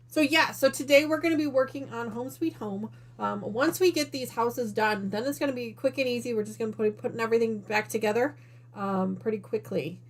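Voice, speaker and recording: Breathless chatty woman hosting a live stream. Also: a little high. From Northern Illinois, US. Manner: chatty, apologetic, warm greetings to chat. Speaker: quilting channel host. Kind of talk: casual live-stream chat.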